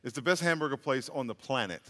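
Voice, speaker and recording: A man's voice: medium pitch, lively intonation, fast talker, sharp tone, long reverb tail. A man preaching a sermon as pastor, chatty and joking, building to emphatic peaks. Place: large church hall.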